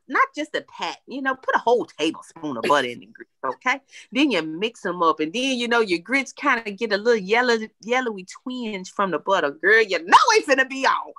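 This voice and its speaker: A woman co-hosting a podcast in casual chat, telling stories with playful, animated delivery. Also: mid-range voice, no echo. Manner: animated, playful storytelling with frequent laughter. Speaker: podcast co-host.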